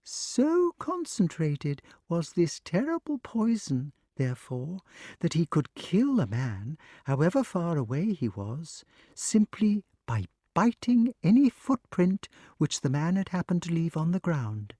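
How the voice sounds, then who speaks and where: A man voicing a patient old male grass snake with a sing-song, gently affectionate way of talking, in an audiobook. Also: fairly high pitch, very animated, unhurried, no echo, clean studio sound, pitched above the performer's own voice. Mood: storytelling. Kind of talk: audiobook character reading.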